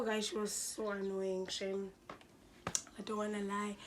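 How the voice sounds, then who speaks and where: A woman's voice: medium pitch, measured pace, pauses often, slight background noise. A young woman with a South African Xhosa accent, casually telling a personal story to her channel and acting out other people's lines. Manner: animated, switches into quoted voices and mixes in Xhosa.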